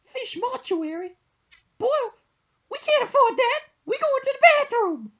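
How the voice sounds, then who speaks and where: A man putting on the high, sobbing falsetto of a dramatic middle-aged mother who mourns her dead fish and scolds her son. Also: sing-song, a little slow, a bit bright, highs cut off, full character voice. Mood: scolding. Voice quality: shrill falsetto, sobbing and wailing. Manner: melodramatic, scolding.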